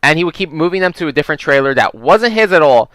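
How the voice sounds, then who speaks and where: A man's voice: on the high side, animated, fast, a bit bright, no echo, low-quality recording. A man telling work stories while playing a video game, rambling and swearing freely, with lots of "like" and "um". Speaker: gaming vlogger.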